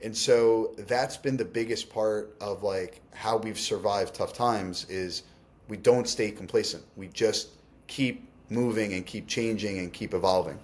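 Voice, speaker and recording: A man with a low-pitched voice speaks as an interview guest. He talks candidly and reflectively, in quick bursts full of restarts and "like". The tone is conversational. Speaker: company CEO, interview guest.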